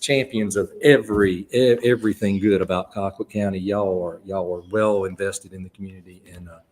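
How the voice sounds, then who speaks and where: A folksy Southern man hosts a live charity auction broadcast, his voice sitting on the low side. He rambles warmly through fillers and slips easily into auctioneer patter. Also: fairly even intonation, brisk. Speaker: auctioneer and radio auction host. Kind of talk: live radio broadcast chat.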